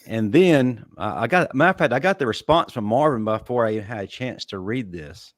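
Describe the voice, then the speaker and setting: A man's voice: mid-range voice, animated, brisk, dry recording, clean studio sound. A man co-hosting a sports talk show, telling a story in a slightly hesitant way. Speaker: show co-host.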